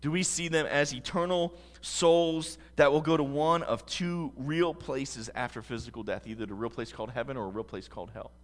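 Preacher in an echoing church hall. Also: male voice, medium pitch, normal speed, hardly any pauses. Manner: earnest preaching with emphatic rises. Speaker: pastor. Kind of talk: sermon.

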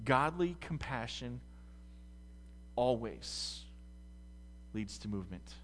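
A man from the United States preaching a sermon as pastor, swinging from quiet musing to loud, fervent passages. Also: mid-range voice, sing-song, takes it slowly, big-room sound, slight background noise.

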